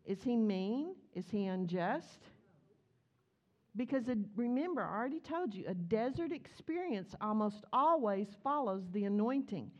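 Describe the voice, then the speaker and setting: A woman's voice: a little high, moderate pace, highs cut off. A woman preaching a sermon, telling a story and acting out the voices in it. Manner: animated, acts out voices in her stories.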